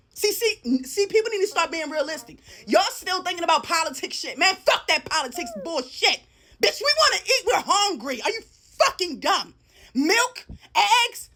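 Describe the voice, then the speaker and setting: A woman giving a profane, heated ranting monologue, swinging between loud outbursts and low muttering. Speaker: social media commentator.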